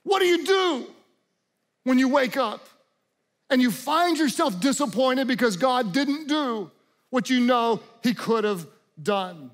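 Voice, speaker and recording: A middle-aged man delivers a sermon as pastor in a notably high voice. He speaks slowly and deliberately, swinging between hushed stretches and fervent, shouted appeals. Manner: impassioned preaching, shifts from quiet to shouting.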